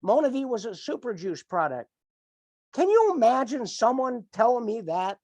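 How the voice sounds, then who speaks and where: A man's voice: extremely high pitch, animated, moderate pace, darkish tone, dry recording. A middle-aged man giving an emphatic, repetitive, fired-up motivational coaching talk to his team on a call. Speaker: team leader.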